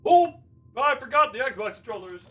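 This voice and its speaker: A man's voice: extremely high pitch, very animated, moderate pace, bright, forceful tone. A man streaming a video game, chatting loosely with his viewers, restarting his sentences and laughing often. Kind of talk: casual live-stream chat while playing.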